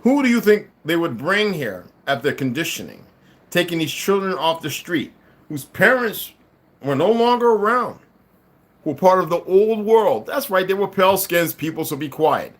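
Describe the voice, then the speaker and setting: A man commentating on a livestream speaks in a sing-song way at a moderate pace. His combative monologue to viewers moves between quiet mutters and loud, emphatic outbursts, punctuated by laughs and repeated words.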